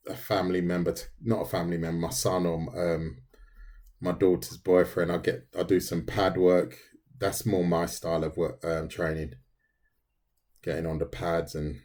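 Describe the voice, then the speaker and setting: Chatty low-voiced middle-aged man. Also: darkish tone. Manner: chatty, talks to viewers, says "mate" often. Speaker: livestreaming artist. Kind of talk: casual livestream chat while drawing.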